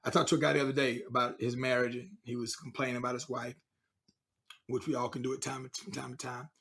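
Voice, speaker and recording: A man coach talking, telling lively stories in conversation and acting out both sides of the dialogue. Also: medium pitch, quick pace, gravelly. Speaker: guest speaker and coach. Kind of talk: animated storytelling in conversation.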